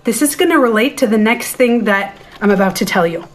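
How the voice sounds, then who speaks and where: A middle-aged woman hosting a casual live stream from her den at home, slightly out of breath, chatting to viewers and reading their comments as she goes, with soft music playing behind her. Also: fairly high pitch, animated, a little fast. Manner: chatty, self-interrupting, talks to viewers and reads their comments.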